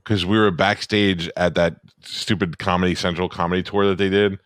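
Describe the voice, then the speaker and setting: A man's voice: sits low, little pitch movement, normal speed, a bit bright, no room sound, clean studio sound. A man co-hosting a podcast in casual chat, telling stories bluntly and swearing freely. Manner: blunt, profane, storytelling. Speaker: podcast co-host.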